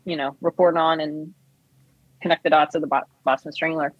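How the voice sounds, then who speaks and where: A woman's voice: sits low, steady tone, brisk, no echo, dull audio. A woman co-hosting a podcast in casual chat, chatty and rambling with gushing asides. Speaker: podcast co-host.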